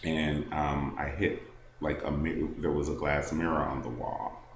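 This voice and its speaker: A man's voice: a bass voice, flat delivery, a little slow, echoey room, noisy background. A man vlogging a personal story to the camera, candid and rambling, full of "like" and "um".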